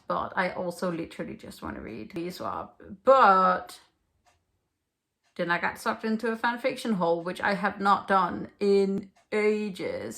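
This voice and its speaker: A woman's voice: lowish voice, creaky, low-quality recording. A young woman in a casual reading vlog, talking chattily and with self-mocking humor from home into a handheld camera. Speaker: book vlogger.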